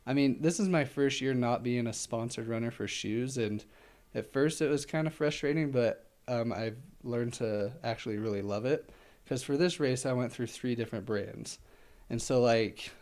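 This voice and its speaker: A mid-range, darkish male voice belongs to an ultramarathon runner being interviewed in a relaxed conversation. He rambles, fills gaps with fillers, laughs easily, and is a little short of breath.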